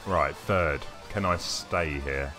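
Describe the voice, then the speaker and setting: With an extremely low voice and an unhurried delivery, a man chats on his live game stream. He reads chat and replies to viewers in a rambling manner, hesitating frequently, over faint game music.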